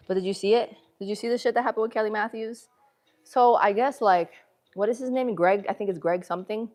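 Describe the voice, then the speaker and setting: A woman's voice: mid-range voice, brisk, darkish tone. Chatty woman streaming from the gym. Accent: northern US city. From northern United States. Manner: chatty, slangy, talks straight to viewers. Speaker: livestream host. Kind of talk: casual livestream chat. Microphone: phone camera.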